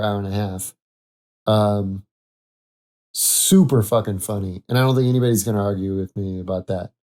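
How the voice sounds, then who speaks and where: A man's voice: on the low side, mellow. A man hosting a casual solo podcast, rambling, correcting himself and laughing at his own jokes. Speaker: podcast host.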